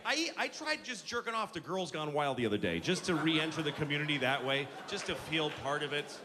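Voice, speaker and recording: A man in his forties doing a grumpy stand-up rant that swerves between loud outbursts and low mumbled asides. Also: very animated, fairly quick. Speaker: stand-up comedian. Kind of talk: stand-up routine. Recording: noisy ambience behind.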